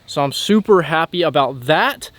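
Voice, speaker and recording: A young man hosting a casual fishing vlog outdoors from a lake bank, excitable and hyped up when he hooks fish. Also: a little high, normal speed, no room sound. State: out of breath. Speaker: fishing channel host.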